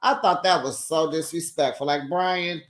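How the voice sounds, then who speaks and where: A man's voice: fairly high pitch, expressive, a little slow. A tired man giving a casual, sassy recap of a reality show, chatting to his viewers with slangy asides.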